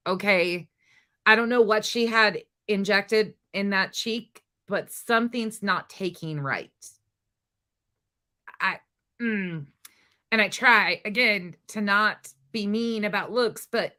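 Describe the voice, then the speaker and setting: A woman's voice: medium pitch, slow, sharp tone. A woman hosting a drama commentary channel, speaking in a sarcastic, pointed way.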